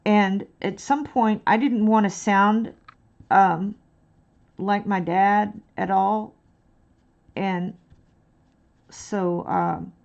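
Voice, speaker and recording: Slow, hesitant woman with mild Texan accent. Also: mid-range voice, fairly even intonation, vocal fry, a little mellow, muffled recording. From Dallas, Texas. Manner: slow, hesitant, many fillers. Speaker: livestreaming artist. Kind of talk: casual chat while painting on stream.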